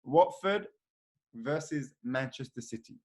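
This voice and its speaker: A man's voice: mid-range voice, animated. A man hosting a casual football podcast, prompting friends through the predictions and keeping the chat moving. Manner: runs the segments, quick-fire prompting. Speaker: podcast host.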